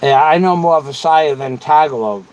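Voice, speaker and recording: A man's voice: a little high, moderate pace, darkish tone, rough recording. A man hosting a casual livestream, rambling and repeating himself as he answers viewers. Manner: rambling and repetitive. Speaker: livestream host.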